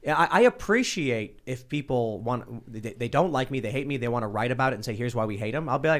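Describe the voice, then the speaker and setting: A man's voice: medium pitch, expressive, quick pace, hardly any pauses. A man hosting a casual talk show, reading viewer comments aloud with hesitant fillers. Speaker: show host.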